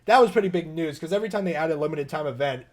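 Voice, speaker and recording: A man's voice: on the high side, very fast. A young man co-hosting a podcast, telling stories in casual chat with lots of laughter. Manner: animated, laughing storyteller. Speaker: podcast co-host.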